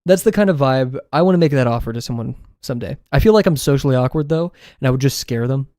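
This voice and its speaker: Young man, drawing streamer, rambling, self-deprecating, average pitch, dry close sound. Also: expressive, quick pace, a little mellow, dry recording. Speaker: drawing livestreamer. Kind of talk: casual chat with viewers while drawing.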